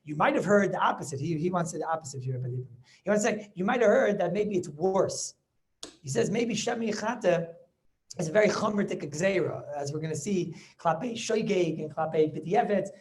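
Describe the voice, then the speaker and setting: A rabbi in rapid flow, delivering a Talmud class over a video call. He talks quickly, doubles back on his words, and keeps pressing his listeners with quick questions to see if they follow. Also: high-pitched, lively intonation, darkish tone. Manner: repeats words and restarts as he goes. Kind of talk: Talmud lecture.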